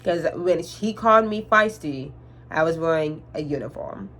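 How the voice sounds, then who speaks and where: A young woman tells a storytime on her vlog in an animated, exasperated rant. She swears freely and cannot quite say her R sounds. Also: sits low, normal speed. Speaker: vlogger.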